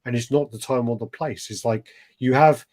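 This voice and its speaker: A man's voice: medium pitch, normal speed, darkish tone. A man hosting a podcast, telling rambling stories with swearing and frequent restarts. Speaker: podcast host. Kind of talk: casual chat.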